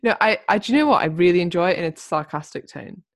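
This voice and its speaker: A young woman, co-hosting a casual podcast chat, chatty and quick to laugh. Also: lowish voice, expressive, vocal fry. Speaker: podcast co-host.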